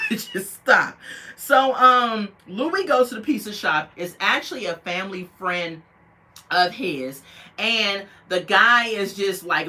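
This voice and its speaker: A sassy woman talks through a reality show episode in a casual, chatty way. Her voice is bright and forceful, and she keeps switching into mocking voices to play each person she quotes. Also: lowish voice. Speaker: reality TV recap host. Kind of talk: casual recap commentary.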